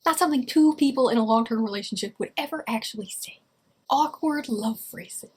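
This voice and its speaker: A woman's voice: high-pitched, animated, brisk, fairly bright tone, slight background noise. A woman giving casual writing advice to camera, chatty and wry, with plenty of "you know" fillers.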